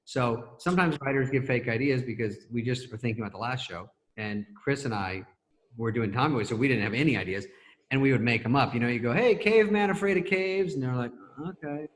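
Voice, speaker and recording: A middle-aged man telling stories as a talk show guest over a video call, laughing through them and doing quick impressions of other people. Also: medium pitch. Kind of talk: casual anecdote telling.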